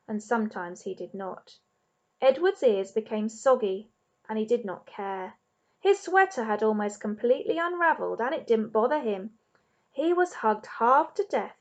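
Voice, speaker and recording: A woman teacher with an English accent reading a storybook aloud to her class in an expressive, measured way. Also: fairly high pitch, highs cut off. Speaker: primary school teacher.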